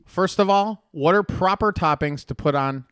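A man's voice: high-pitched, normal speed, a bit bright, smooth, dry recording, clean studio sound. Teasing man in casual debate. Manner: teasing, mock-formal debater.

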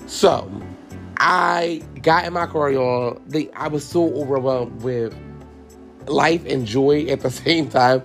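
A man's voice: mid-range voice, takes it slowly, faint music behind. A man hosting a podcast, telling a personal story in a candid, profane, casual way and talking straight to his listeners. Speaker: podcast host and hairstylist.

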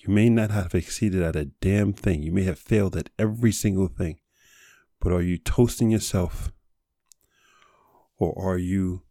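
A low-voiced man hosts a podcast and gives a blunt, profane motivational talk. He fires off one rhetorical question after another in a dark, mellow tone. The recording is dry and close. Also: dry recording. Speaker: podcast host. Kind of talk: motivational monologue.

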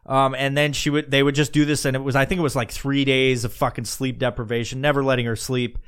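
A man's voice: medium pitch, flat delivery, fast talker, a bit bright, clean tone. A man hosting a podcast, telling history in a profane, rambling, joking way. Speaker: podcast host. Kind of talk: casual storytelling.

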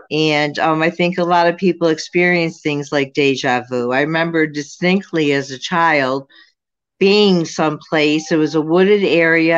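A woman in her sixties speaks slowly and rambles a little, with many fillers and restarts. Her voice sits a little low. It comes through a dull lo-fi line. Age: 60s. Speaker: psychic medium guest. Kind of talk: casual interview answers.

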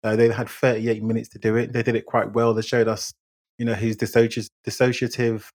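A man co-hosting a film podcast, giving measured, agreeable opinions and short murmured replies. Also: medium pitch, flat delivery, a little mellow. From England. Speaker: podcast co-host. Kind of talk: casual film review chat.

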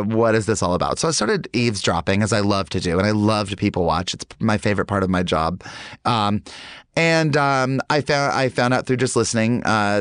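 Guy rambling thru a story, lots of uhs and restarts, smooth voice, dry close sound. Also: mid-range voice, a bit bright, no room sound. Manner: rambling, full of fillers and restarts. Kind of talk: casual anecdote.

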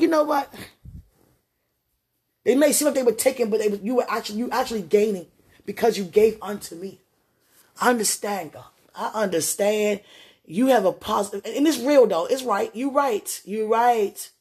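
A person who has just woken up, talking aloud to God in a spontaneous spiritual message. They ramble and swing from excited bursts to quiet murmurs. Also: mid-range voice, normal speed, breathy edge. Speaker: spiritual vlogger.

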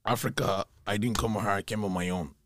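A man from Nigeria telling stories in a casual podcast chat, animated and laughing often. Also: fairly low pitch, fast talker, slight background noise. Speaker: guest comedian.

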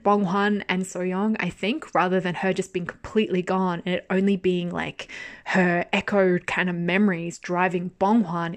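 A young woman hosting a podcast, chatting casually and animatedly about a drama, laughing often and swearing now and then. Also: lowish voice. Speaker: podcast host. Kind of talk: casual drama review monologue.

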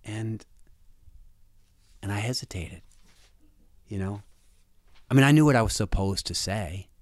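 A man recounts a personal story haltingly, often restarting and repeating words. He is frequently quiet and low, and there is no room sound.

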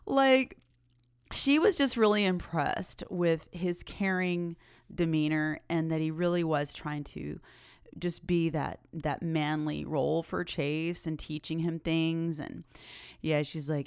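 A woman podcast host telling a personal story in a chatty, animated way, laughing often. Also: low-pitched, takes it slowly, smooth, no echo, clean studio sound.

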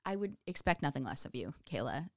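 A woman's voice: low voice, very animated, fairly quick, no echo, studio quality. A woman co-hosting a casual podcast, chatty and laughing often, with many fillers. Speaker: podcast co-host. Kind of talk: casual chat.

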